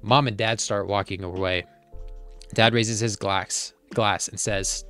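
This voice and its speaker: A man's voice: fairly even intonation, normal speed, clear, resonant tone, no room sound, soft background music. A man reading a film script aloud for comedy, doing all the character voices himself and adding dry asides. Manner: jumps into high, loud voices for the characters, then back to dry asides.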